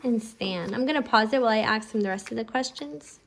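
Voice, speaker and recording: A patient mother talks through a reading lesson at home in a fairly high voice. She stretches out each letter sound slowly for her child. She explains every step plainly. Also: a little hiss or hum. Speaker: homeschooling parent teaching phonics. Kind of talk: instructional explanation to camera.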